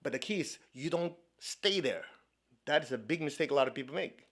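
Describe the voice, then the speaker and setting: A man from China leads a spiritual talk as a meditation teacher, speaking conversationally and often asking if his listeners follow. His pitch swings widely, jumping high on jokes and dropping low and soft on key points. He laughs easily between his explanations. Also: lively intonation, a little fast. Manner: laughs often, playful asides.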